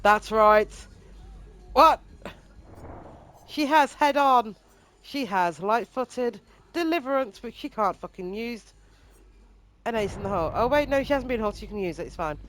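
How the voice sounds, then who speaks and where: A woman's voice: a little high, animated, normal speed, long pauses, a bit bright, a little hiss or hum. A woman hosting a gaming channel, making up a crude, rambling comic story over gameplay. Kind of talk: comedic made-up narration over gameplay.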